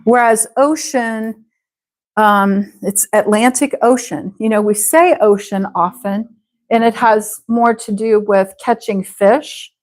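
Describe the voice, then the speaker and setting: A woman's voice: fairly high pitch, fairly even intonation, rough recording. A woman teaching a live online English class, speaking patiently and drawing out words to model how they sound. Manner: patient, slow, stretches out words to model pronunciation.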